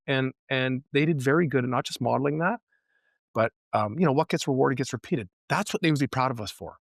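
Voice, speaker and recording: A man's voice: medium pitch, no echo. Earnest middle-aged man, dry close sound. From Canada. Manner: earnest, emphatic, repeats words while thinking. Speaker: guest, high school football coach. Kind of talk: podcast interview, casual storytelling.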